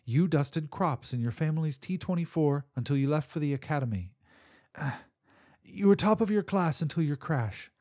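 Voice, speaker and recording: A man voicing a wounded, calm starship captain woman. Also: a little high, normal speed, voice pushed up. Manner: steady commanding orders.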